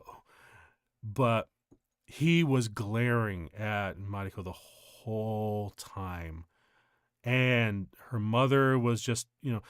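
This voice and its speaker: A man on a stream chats casually, working through a long personal story in a rambling, halting manner and restarting often. His middle-pitched voice has a bright, forceful tone, recorded close and dry with no room echo.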